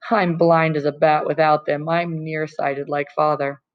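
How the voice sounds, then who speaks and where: A woman's voice: low voice, little pitch movement, a little slow, muffled recording. A woman voicing a tearful, insecure teenage girl with a shaky, self-doubting way of talking.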